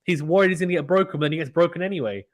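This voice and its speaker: A man hosting a live tennis watchalong stream, calling play-by-play with animated reactions and reading chat messages. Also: on the high side. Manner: fast, animated play-by-play, reads chat aloud. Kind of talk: excited casual live commentary.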